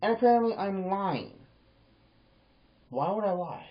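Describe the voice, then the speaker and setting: A man talks to camera in a rambling, casual monologue, stumbling over repeated words as he acts out both sides of conversations. His voice sits fairly high and swings widely in pitch. The recording is dull and lo-fi, like a cheap home setup. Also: animated, unhurried. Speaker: vlogger.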